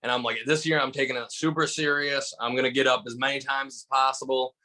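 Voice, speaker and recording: A comedian from Michigan telling stories in a casual chat, rambling with lots of restarts and fillers. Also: male voice, medium pitch, little pitch movement, quick pace, pushed and bright. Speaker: guest comedian.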